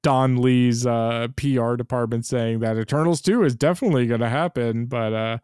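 A man's voice: medium pitch, moderate pace, darkish tone, clear, resonant tone, dry recording, studio quality. A man co-hosting a film podcast, chatting casually, swearing freely and restarting his sentences as he rambles. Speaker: podcast co-host.

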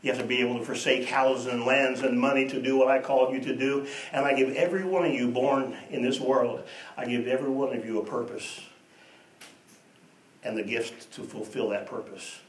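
A man preaching a sermon, telling stories and moving between hushed and emphatic delivery. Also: medium pitch, steady tone, brisk. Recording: echoey room, voice from a distance.

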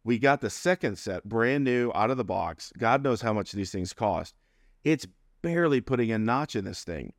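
A man's voice: on the low side, lively intonation, moderate pace, dry recording, studio quality. A middle-aged man telling a personal story in a conversational, humorous way, laughing between phrases. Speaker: interview guest.

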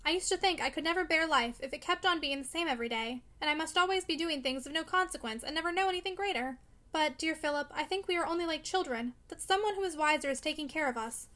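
A woman's voice: high-pitched, quick pace, fairly bright tone. A woman voicing an earnest, tender young woman who speaks musingly in a storybook reading. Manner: musing, tremulous.

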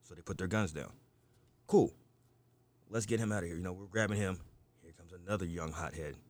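A man with a low voice tells a rambling story in casual conversation. He swears freely and leans on "you know" and "like" as he talks. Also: fairly quick. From United States. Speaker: storyteller in a group chat. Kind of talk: casual chat.

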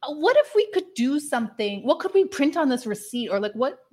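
A woman's voice: high voice, very animated, fairly quick, a little mellow. A woman chatting casually on a podcast, enthusiastic and rambling, with many "like" fillers and frequent laughter. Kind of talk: casual chat.

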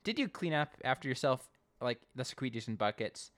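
A no-nonsense middle-aged boss giving short, firm orders, as a man reads him in his own voice. The tone is flat and matter-of-fact. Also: medium pitch, normal speed, close to an everyday voice. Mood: stern.

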